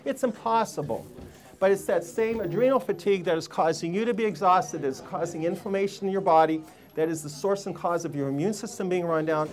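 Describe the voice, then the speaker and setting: A man's voice: high voice, fairly quick. A man giving a live seminar talk to a room full of people, emphatic and preachy, firing rhetorical questions at the audience. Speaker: health seminar speaker.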